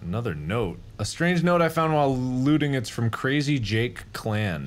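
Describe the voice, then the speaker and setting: A man's voice: lively intonation, normal speed, hardly any pauses, noisy background. A man hosting a co-op gaming session, tossing out dry joking asides in casual chat. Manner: dry joking asides, wildly swinging pitch. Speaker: gaming channel host.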